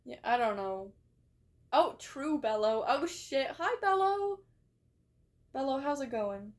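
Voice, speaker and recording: A young woman from England talks on a live stream in a casual, rambling way. Her voice sits a little high. She reacts to her chat, swears freely and laughs easily. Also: unhurried, darkish tone.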